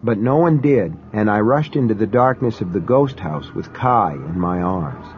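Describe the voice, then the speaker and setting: A man narrating a first-person horror story in a measured, steady way. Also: lowish voice, soft background music. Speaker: audiobook narrator. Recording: dry, dull lo-fi recording.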